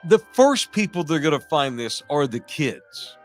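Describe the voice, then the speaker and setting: A man's voice: a little high, very animated, normal speed, soft background music. A man hosting a casual sports podcast in a studio, ranting with profane, sarcastic jokes and reading sponsor ads. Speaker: podcast host.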